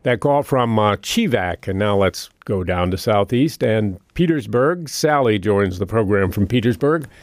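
A man's voice: on the low side, expressive, a little slow, hardly any pauses, no room sound, clean studio sound. A man hosting a radio call-in show, friendly and conversational, laughing easily between calls.

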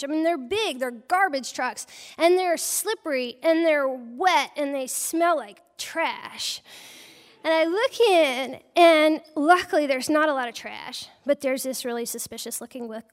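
A woman with a high, bright-pitched voice recounts her own misadventures with lively, self-deprecating humor. She speaks as a storyteller before a live audience. Her voice carries a long, lingering reverb from the hall. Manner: humorous, self-mocking, animated. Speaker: storyteller, wildlife biologist.

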